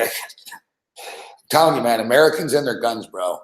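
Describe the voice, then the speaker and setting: A podcast host tells a story casually and profanely, laughing often as he goes. His medium-pitched voice is expressive and a little fast, and the room sounds echoey.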